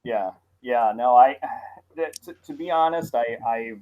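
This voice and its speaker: A man with a Midwestern American accent co-hosting a casual podcast, talking haltingly with many restarts. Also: medium pitch, narrow, tinny audio. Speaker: podcast co-host.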